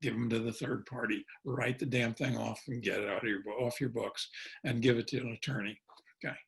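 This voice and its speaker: A middle-aged man leads a webinar, his voice gravelly and pitched in an ordinary male range. He talks in a folksy, chuckling way and often acts out the lines he suggests saying on the phone. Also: fairly even intonation, a little fast. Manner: folksy, chuckling, peppers talk with "okay?"; acts out sample phone dialogue. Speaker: consultant and educator presenting. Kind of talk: webinar presentation.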